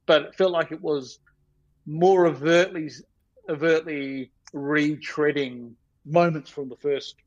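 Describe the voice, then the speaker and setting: A man's voice: fairly high pitch, fairly even intonation, takes it slowly, no room sound, lo-fi sound. Man, storyboard artist guest, rambling anecdotes, lots of ums, dry close sound. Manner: rambling, self-deprecating, many ums and you-knows. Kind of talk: casual podcast storytelling.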